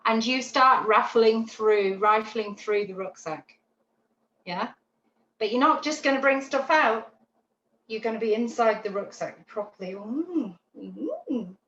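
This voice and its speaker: A woman teaching a dog training class over a video call, chatty and animated, often checking in with "yeah?". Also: on the high side, measured pace. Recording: roomy, dull lo-fi call audio with faint noise.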